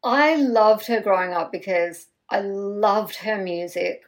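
Animated woman telling a story. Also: mid-range voice, slow pace, poor audio. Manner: animated storyteller, laughing, with filler words. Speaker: guest. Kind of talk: casual chat.

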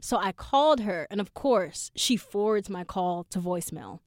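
A young woman hosting a podcast, telling a story in a casual, animated and profane way. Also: medium pitch, normal speed, hardly any pauses, no echo, clean studio sound. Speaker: podcast host.

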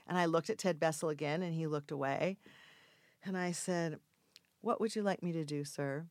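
An older woman telling a casual anecdote in an interview, acting out the quoted voices with sudden loud, high outbursts. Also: moderate pace, pauses often, dry recording, clean studio sound. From Mexico. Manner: animated storyteller acting out quoted lines with big jumps in pitch and volume. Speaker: actress guest telling a story.

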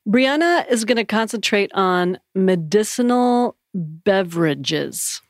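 A woman co-hosting a podcast in casual chat, playful and quick to laugh. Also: mid-range voice, expressive, no room sound, studio quality. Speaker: podcast co-host.

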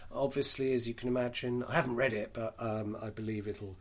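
A British man talking through a long list of companies in a casual solo podcast. He is frank and chatty, drops dry asides, and pauses on fillers. His voice sits at a middling pitch. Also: steady tone. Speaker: podcast host. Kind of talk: casual solo market commentary.

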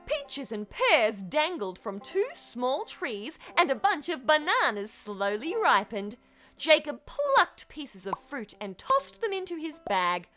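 Lady reading a kids story slow and sing-songy, high voice, faint music behind. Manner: expressive, sound-effect words. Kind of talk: children's story read-aloud.

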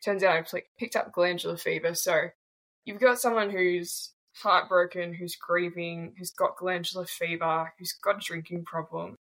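Blunt Australian woman in her twenties; low, gravelly delivery with a casual, swearing edge. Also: steady tone, normal speed, a bit bright, rough recording. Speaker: guest. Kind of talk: candid personal storytelling.

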